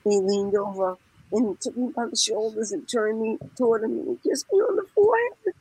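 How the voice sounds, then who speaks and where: Woman telling a lively story. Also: a little high, fairly quick, slightly rough, no echo, poor audio. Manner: animated, laughing often, quotes people; many fillers and restarts. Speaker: guest. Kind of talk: casual storytelling.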